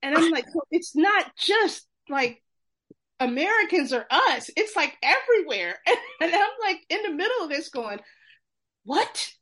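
In a high voice, a New York woman tells funny stories in casual conversation, talking fast and animatedly, laughing and imitating other people's voices.

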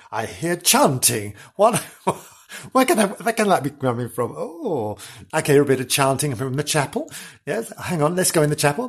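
A hungover, dotty middle-aged woman, as a man puts her on, rambling and giggling her way through a comic monologue. Her voice is husky and breathy, pitched a touch above a man's usual middle register. She sounds dazed and scatterbrained, losing her thread and laughing it off.

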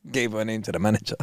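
A young man co-hosting a podcast, trading casual stories in slang with loose swearing. His voice sits at a middle pitch. The sound is dry and close to the mic. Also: no room sound. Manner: slangy, storytelling, swears freely. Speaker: podcast co-host. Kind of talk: casual chat.

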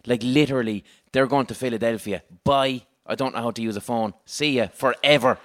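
A man's voice: mid-range voice, brisk. An Irish man hosting a live comedic chat in front of an audience, swearing a lot and laughing often. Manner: animated, swearing, bursts of laughter. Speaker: podcast host.

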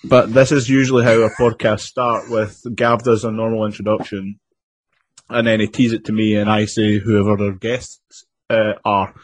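Brief: man co-host, low, husky, dry close sound, plain explainer. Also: little pitch movement, normal speed, no echo. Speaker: podcast co-host. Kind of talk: casual chat.

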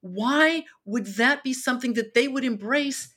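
A woman author, a podcast guest, explaining storytelling with lively retellings of film scenes. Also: high voice, measured pace, breathy edge. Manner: animated, acts out dialogue in quotes.

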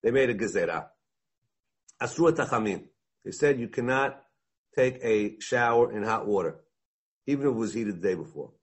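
A man teaching a Talmud class, animated, weaving Hebrew and Aramaic terms into his English and acting out the dialogue. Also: medium pitch, slightly rough.

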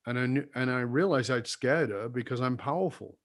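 Older man telling an earnest, confessional story. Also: a little fast. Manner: earnest, confessional, drops soft and low when recalling apologies. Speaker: guest. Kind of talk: reflective personal storytelling.

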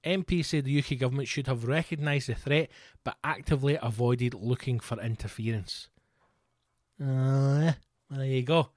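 A man's voice: medium pitch, normal speed, darkish tone, no echo, clean studio sound. A Scottish man hosting a podcast, ranting sarcastically, swearing freely and reading news reports aloud. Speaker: podcast host.

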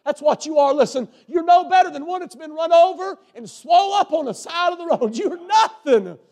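A man preaching a sermon, swinging between hushed, intimate lines and fervent shouts. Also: very high voice, animated, moderate pace.

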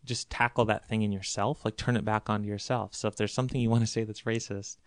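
Guest comic, mid pitch, rambly and self-deprecating, dry booth sound. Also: fairly even intonation, quick pace, no echo. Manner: rambling, self-deprecating, many fillers and restarts. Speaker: guest, comedian. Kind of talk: casual podcast conversation.

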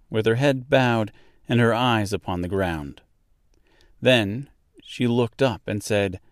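A man narrating a classic children's storybook aloud, slow and expressive. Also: on the low side, dry recording, clean studio sound. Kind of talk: storybook reading.

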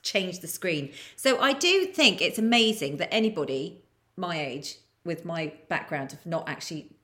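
A middle-aged woman co-hosting a podcast, chatting casually in a lively, teasing way. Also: on the low side, moderate pace. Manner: lively, teasing, laughs often. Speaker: podcast co-host, writer. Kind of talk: casual chat.

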